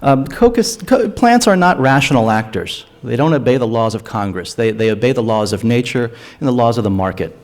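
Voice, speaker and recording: A man's voice: medium pitch, expressive, a little fast, hardly any pauses, darkish tone. Earnest man arguing drug policy at a forum. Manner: earnest, argumentative, repeats words when restarting. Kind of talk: forum talk. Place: lecture hall.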